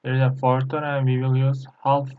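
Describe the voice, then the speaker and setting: Male Chinese tutor, Turkish native, halting non-native English, tinny laptop-mic lesson. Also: mid-range voice, monotone. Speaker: Chinese language teacher. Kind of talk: screen-recorded language lesson.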